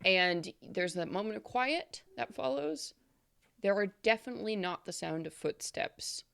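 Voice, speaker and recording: A woman's voice: medium pitch, lively intonation, unhurried, vocal fry, a bit bright, clean tone, no echo, studio quality. A woman narrating a tabletop game as game master, describing the action with frequent fillers.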